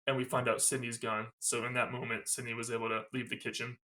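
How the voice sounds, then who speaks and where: A man co-hosting a podcast, chatting casually and excitedly about a movie, swearing a lot and retelling scenes with plenty of "like" and "you know". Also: medium pitch, fast. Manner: enthusiastic, profane, retells scenes with lots of "like". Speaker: podcast co-host. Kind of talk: casual film discussion chat.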